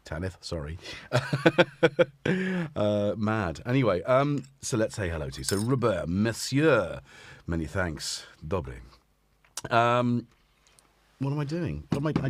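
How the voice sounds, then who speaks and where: Hosting a live synth stream, a man chats casually, rambling and poking fun at himself, and tosses playful asides to his cats. He sounds tired and a little sore-throated. His voice is on the low side, animated yet unhurried.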